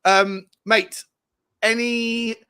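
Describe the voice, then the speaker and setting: A young man co-hosting a football fan livestream, relaxed and upbeat, often restarting his sentences. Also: very high-pitched, very slow, smooth. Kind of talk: casual chat.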